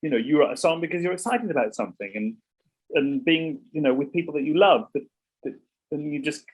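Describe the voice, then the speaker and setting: Middle-aged man, husky, rambling and restarting, casual guest talk. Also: on the high side, brisk, poor audio. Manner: rambling, many restarts and repeats. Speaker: songwriter guest. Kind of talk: casual interview chat.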